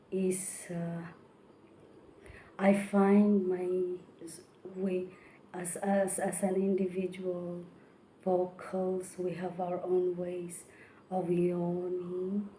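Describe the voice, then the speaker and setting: A woman giving a casual spoken singing tutorial, halting with many fillers and restarts, some words slipping into a whisper. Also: fairly low pitch, monotone, warm tone, slight background noise. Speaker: vocal technique presenter.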